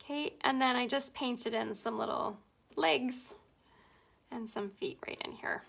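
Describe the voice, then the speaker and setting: Bright high-voiced Canadian woman teaching painting. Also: measured pace, vocal fry. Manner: chatty, giggly, talks to viewers while painting. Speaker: painting instructor. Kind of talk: casual live painting tutorial.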